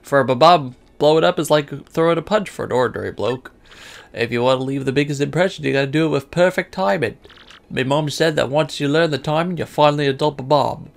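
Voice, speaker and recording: A man voicing a brash, lovesick young male bomb creature in a much higher, squeaky voice. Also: fairly quick, creaky.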